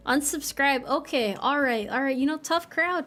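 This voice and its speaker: A woman's voice: sits high, normal speed, a bit bright. A young woman streaming a farming game, joking and teasing herself while chatting with her viewers. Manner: playful, self-mocking banter with chat. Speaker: VTuber streamer. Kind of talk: casual live-stream chat while gaming.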